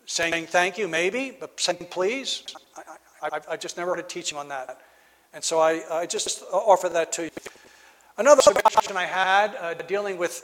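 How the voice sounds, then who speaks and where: A man giving a reflective sermon, speaking haltingly with frequent restarts. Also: high voice, big-room sound, low-quality recording. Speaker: preacher.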